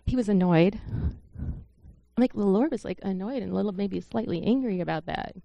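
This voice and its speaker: A woman's voice: mid-range voice, brisk, gravelly, no echo, highs cut off. A woman giving an informal sermon, talking in an earnest, conversational way and telling a story to the congregation. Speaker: church speaker.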